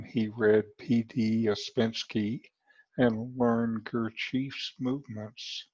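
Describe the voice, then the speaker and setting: A man hosting the session, reading out a speaker's introduction in a measured way. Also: fairly low pitch, a little mellow, no room sound. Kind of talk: scripted introduction. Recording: slightly muffled dry recording.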